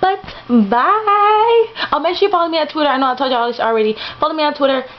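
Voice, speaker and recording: A woman's voice: high-pitched, very fast, highs cut off. A young woman rambling in a late-night home vlog, tired, slangy and swearing freely, playing up a put-on accent. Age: young adult. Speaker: vlogger.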